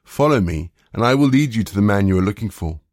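A stern old prophet speaks in a low, grave and measured voice, as a man reading a scripture story gives him his lines. The sound is dry and close, with no room around it. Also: lively intonation, a little mellow, no room sound, close to an everyday voice. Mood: solemn. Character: stern old male prophet rebuking and guiding.

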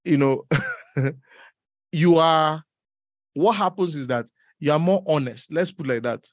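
A man preaching a sermon in an animated, teasing way, laughing often and leaping up in pitch. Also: measured pace, no room sound, studio quality. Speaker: pastor.

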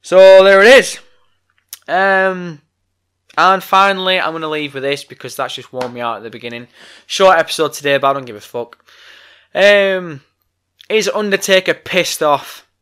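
A man's voice: sits high, normal speed, a bit bright, clean tone. A man hosting a solo wrestling podcast, ranting bluntly and swearing a lot. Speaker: podcast host.

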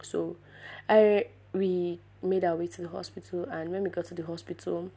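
Animated woman telling a personal story. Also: moderate pace, breathy edge. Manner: animated, with sudden bursts of louder, higher emphasis; addresses viewers directly. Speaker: vlogger telling her birth story.

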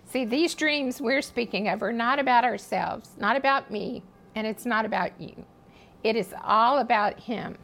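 A woman giving devotional Bible teaching, reading scripture and telling the story in an earnest, expressive way. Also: fairly high pitch, measured pace, rough recording. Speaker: speaker teaching a Bible study.

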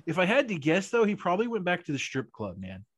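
A man's voice: high-pitched, wildly swooping pitch, fast, slightly rough, no room sound, heavily acted. A man playing a drawling stoner dude. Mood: dazed. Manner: drawling, ends every sentence with "man". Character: laid-back stoner young man, dazed and easygoing. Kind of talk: in-character tabletop role-play.

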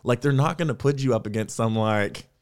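A young man, an actor, talking candidly in an interview, telling his story in a reflective, animated way. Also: mid-range voice, fairly quick. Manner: candid, reflective, animated when quoting himself. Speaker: actor and podcast guest.

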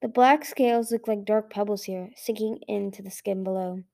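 A woman reading a fantasy novel aloud in a soft, measured narration. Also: medium pitch, fairly even intonation, vocal fry. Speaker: audiobook reader. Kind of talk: fan audiobook narration.

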